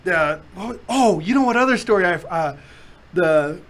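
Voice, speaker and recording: Man, casual storyteller, lively, acts out the voices, slightly high pitch. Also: normal speed. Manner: animated storyteller, acts out quotes, laughs often. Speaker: podcast host.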